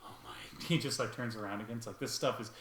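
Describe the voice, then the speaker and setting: Bright-voiced man, echoey room. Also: medium pitch, fast. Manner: casual, rambling narration with many fillers. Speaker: player. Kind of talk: playing a tabletop role-playing game. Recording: echoey room with faint noise.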